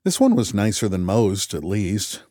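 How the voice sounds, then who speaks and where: A man's voice: on the low side, very animated, unhurried, dark tone, dry recording. Man narrating an audiobook, dry studio. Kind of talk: first-person audiobook narration.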